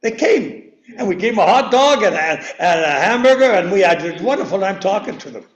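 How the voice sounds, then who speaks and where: An older man preaches a loose, rambling sermon, tripping over and repeating his words and chuckling at himself. His voice sits high, and the chapel around him rings with echo. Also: animated, brisk, dull audio. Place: church chapel. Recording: echoey room.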